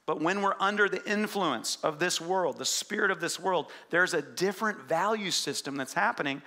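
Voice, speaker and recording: Gravelly pastor guy preaching, bright kinda highish voice, goes loud then drops real quiet. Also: expressive, normal speed. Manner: swings from loud urgent preaching to quiet low emphasis. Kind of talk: sermon.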